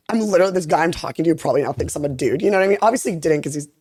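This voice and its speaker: A young woman with a raspy, deep voice, chatting casually as a podcast guest and acting out quoted lines as she tells a story. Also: rapid-fire, few pauses, dry recording, studio quality. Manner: animated storytelling, acts out quotes, frequent fillers. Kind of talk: casual chat.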